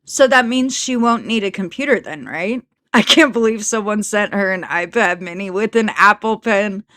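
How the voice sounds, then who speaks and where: A woman's voice: medium pitch, normal speed, fairly bright tone, no echo. A woman commentator giving sarcastic remarks over clips, dry and mocking with wry asides.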